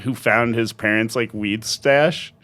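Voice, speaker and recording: A man hosting a podcast in casual chat, telling stories with lively acted-out quotes and lots of swearing. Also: fairly low pitch, slow. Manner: animated storyteller, acts out quotes loudly, swears a lot. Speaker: podcast host.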